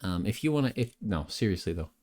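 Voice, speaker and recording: Low-voiced young man chatting on stream. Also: lively intonation, fast, darkish tone. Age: young adult. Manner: rambling, joking, reads chat messages aloud and answers them. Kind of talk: late-night casual chat stream.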